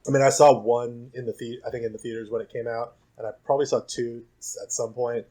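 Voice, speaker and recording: A man's voice: medium pitch, fairly even intonation, fast, mellow, rough recording. A young man co-hosting a podcast, talking casually and thinking aloud about films. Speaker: podcast co-host. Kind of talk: casual film discussion.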